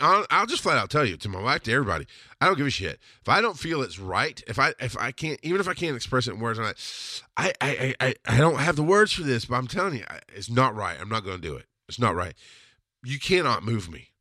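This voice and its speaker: A man's voice: fairly low pitch, a bit bright, no room sound, studio quality. A man hosting his own podcast, telling personal stories in a blunt, rambling way with restarts and the odd curse. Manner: rambling, blunt, with frequent restarts and mild swearing. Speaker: podcast host. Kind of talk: casual storytelling monologue.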